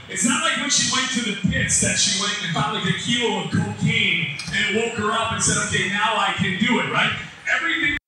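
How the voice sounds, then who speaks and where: A man announcing at an event, joking and calling out auction bids with quick banter. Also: sits high, very echoey, recorded from a distance, noisy background.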